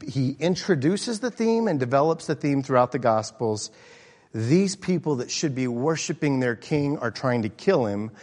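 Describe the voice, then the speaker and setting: A middle-aged pastor preaching an earnest sermon, often pausing with fillers and restarts. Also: male voice, medium pitch, a little mellow. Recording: hall reverb.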